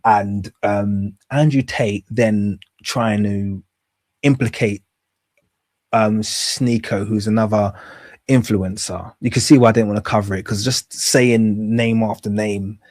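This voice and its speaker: A man talks through clips in a casual, rambling way, with a sarcastic edge and frequent chuckles. His voice is mid-pitched and recorded up close with a dry sound. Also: steady tone, slow, darkish tone, no echo. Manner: sarcastic, rambling, laughs at his own jokes. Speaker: commentary host.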